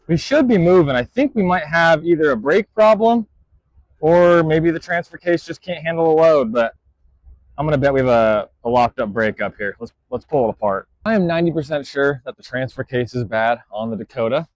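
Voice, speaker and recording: A man's voice: on the high side, fairly quick, dry recording. A man hosting a car-flipping vlog, narrating casually as he works on a truck and thinking aloud with fillers and trailing sentences. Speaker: car-flipping channel host.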